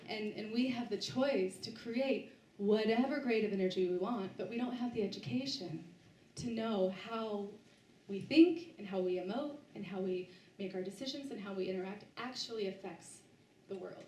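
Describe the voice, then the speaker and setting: A woman's voice: medium pitch, a little mellow, far from the mic. Woman telling her story in a roomy hall. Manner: halting, with frequent restarts and fillers. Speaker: author giving a book talk. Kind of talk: personal story told to a live audience. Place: bookstore event space, indoors.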